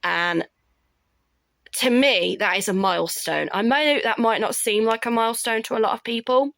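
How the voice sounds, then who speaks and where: A woman, telling stories about her children in an animated way. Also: on the high side, moderate pace, gravelly, no echo. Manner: animated storytelling, acts out her kids' voices. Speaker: parent vlogger. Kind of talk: casual chat.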